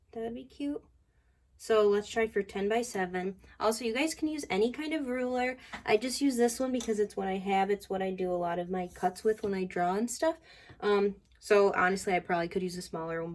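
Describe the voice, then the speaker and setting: A woman's voice: mid-range voice, a little mellow. A woman in her twenties hosting a casual crafting tutorial, chatty and thinking aloud as she works. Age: 20s. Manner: chatty, gushing, talks to viewers as "guys".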